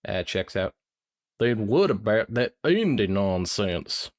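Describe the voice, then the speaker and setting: A man's voice: on the low side, sing-song, slow, heavily acted. A man voicing a down-home country pony girl who talks in a folksy drawl. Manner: folksy drawl, y'all and reckon.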